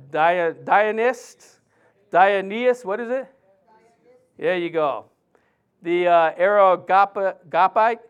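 A man's voice: sits high, clean tone, muffled recording. A man, a pastor, preaching a sermon in church in a conversational way with frequent restarts.

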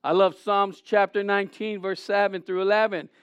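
High-voiced, animated male preacher. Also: moderate pace, clean tone, no room sound, dull audio. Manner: animated, acts out scenes, asks the audience questions. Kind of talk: sermon with scripture reading.

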